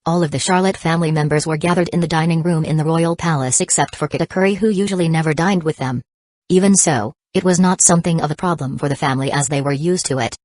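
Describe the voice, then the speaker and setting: Low flat synthetic woman narrating. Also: fast talker, no echo. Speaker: audiobook narrator.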